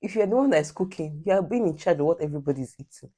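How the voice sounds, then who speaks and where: A woman's voice: lowish voice, expressive, racing, mellow, breathy edge. A Nigerian woman giving direct, emphatic advice in a casual vlog, repeating her points like a preacher. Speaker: vlogger.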